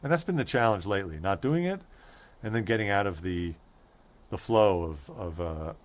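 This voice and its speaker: Low-ish guy in a podcast chat, thinks out loud, restarts a lot, dry jokes. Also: expressive, normal speed. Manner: thoughtful, restarts mid-thought, dry humor. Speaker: stand-up comedian, guest. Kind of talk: casual interview chat.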